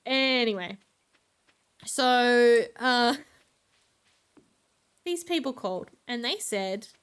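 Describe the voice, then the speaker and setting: A woman's voice: fairly high pitch, expressive, very slow, a bit bright, clear, resonant tone. A woman streamer telling a story in a chatty, exasperated way while gaming, with many filler ums.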